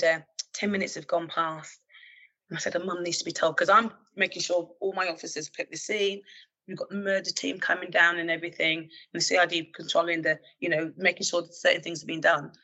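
A woman who is a former police officer, telling a personal story in an earnest, halting way with many fillers and restarts. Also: lowish voice, bright, forceful tone, slightly rough, highs cut off. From London, England.

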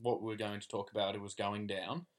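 A man's voice: lowish voice, level tone, fairly quick. A young Australian man, nasal from a cold, chatting easily as a guest on his partner's podcast. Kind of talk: casual podcast chat.

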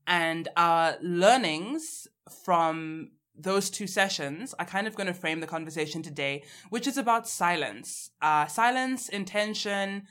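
A woman with a slightly low voice co-hosts a podcast in relaxed, casual chat. She teases and jumps into quick, animated bursts. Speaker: podcast co-host.

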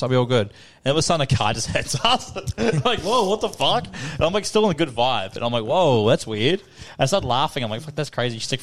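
A young man telling a rambling story on a casual podcast, swearing and laughing as he goes. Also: mid-range voice. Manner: rambling, swears a lot, laughs at his own stories. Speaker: podcast co-host. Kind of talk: casual chat.

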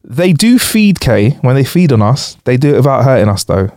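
A man's voice: medium pitch, big pitch swings, normal speed, a little mellow, no echo, clean studio sound. A young man co-hosting a casual podcast, explaining facts with frequent laughter. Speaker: podcast co-host.

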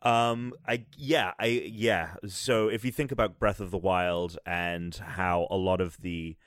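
A man's voice: deep voice, fairly even intonation, takes it slowly, dry recording, studio quality. A man talking casually about a video game, hesitant, with many fillers and restarts. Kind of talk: casual chat.

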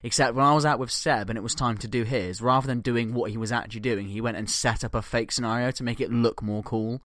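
Co-host: man, mid-pitched, blunt and sweary, recorded dry and close. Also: fast, dry recording. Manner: animated anecdotes, blunt and sweary. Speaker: podcast co-host. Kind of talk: casual chat.

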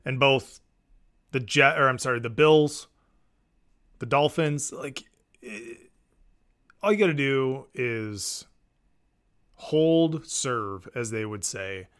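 A man's voice: mid-range voice, slow pace, long pauses, fairly bright tone, clear, resonant tone. A man co-hosting a podcast, bantering and teasing about football. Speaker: podcast co-host. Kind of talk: casual sports chat.

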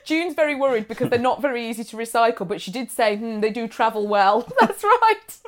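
Brief: high-voiced, playful woman co-host, laughs often. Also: expressive, fairly quick, a little hiss or hum. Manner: giggly, playful, theatrical emphasis. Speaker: podcast co-host. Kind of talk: casual chat, reading listener messages.

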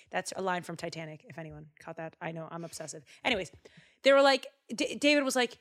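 A woman casually retelling a Bible story, animated and chatty with jokey asides. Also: fairly low pitch, fast talker.

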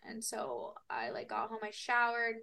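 Young woman cohosting a chatty podcast, kinda high voice, tells stories all animated, swears a lot, laughs a bunch. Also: measured pace, creaky. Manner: animated storytelling, swears freely, laughs often. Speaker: podcast co-host. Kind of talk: casual chat.

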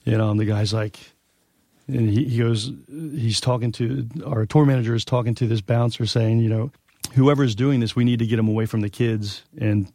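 A man's voice: medium pitch, steady tone, moderate pace, warm tone, dry recording, studio quality. A man telling a long tour story in a casual chat, rambling and profane, with many fillers. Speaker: guest musician.

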